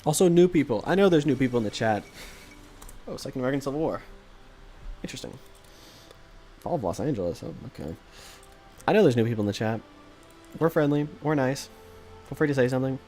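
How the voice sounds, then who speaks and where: A man's voice: medium pitch, animated, fairly quick, pauses often, warm tone, soft background music. A man streaming a strategy game, chatting with viewers in a rambling, self-deprecating way with lots of hesitations into a desk microphone. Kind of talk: casual live-stream chat with viewers.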